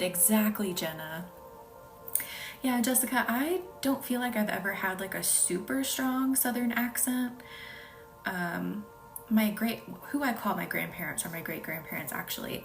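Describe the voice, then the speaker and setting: A woman with a Midwestern accent, hosting a live reiki session, chatting and reading out viewer comments, sometimes dropping into a soft whisper. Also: mid-range voice, moderate pace, creaky. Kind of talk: live-stream chat with viewers. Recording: distant mic with faint music behind.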